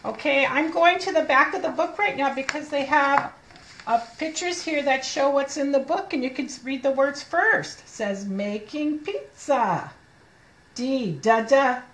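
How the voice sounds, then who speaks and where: A woman reading teacher leading an early reading lesson for young children, slowly sounding out letters and words and encouraging her listeners. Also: high-pitched, fairly bright tone, echoey room, slight background noise. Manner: encouraging, speaking to children as if they were present.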